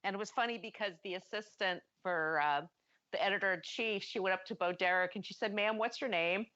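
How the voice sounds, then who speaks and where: A woman's voice: mid-range voice, fairly quick, pushed and bright, muffled recording. A woman co-hosting a podcast, chatting and telling a story in an easy, friendly way. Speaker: podcast co-host. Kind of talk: casual chat.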